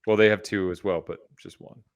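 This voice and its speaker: A man's voice: low voice, fairly even intonation, brisk, a little hiss or hum. A man co-hosting a podcast in loose, jokey casual chat, full of "dude" and "bro.". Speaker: podcast co-host.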